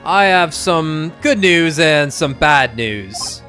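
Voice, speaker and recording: A man voicing a brisk, officious British police inspector while reading game dialogue aloud on a stream. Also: a little high, animated, sharp tone, faint music behind, full character voice.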